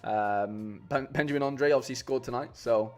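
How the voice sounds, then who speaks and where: A man's voice: mid-range voice, normal speed. A man chatting casually on a live stream, rambling with lots of fillers and restarts and calling his viewers "mate". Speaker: streamer building fantasy football lineups.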